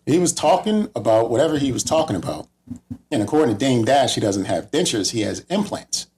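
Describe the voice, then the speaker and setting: A man co-hosting a podcast, riffing in a laid-back, deadpan way. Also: medium pitch, a little fast, a little hiss or hum. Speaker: podcast co-host. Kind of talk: casual comedic podcast banter.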